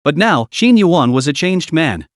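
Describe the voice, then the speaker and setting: A man narrating a scripted story with dramatic, lively storytelling. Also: on the high side, a little slow, no room sound, studio quality.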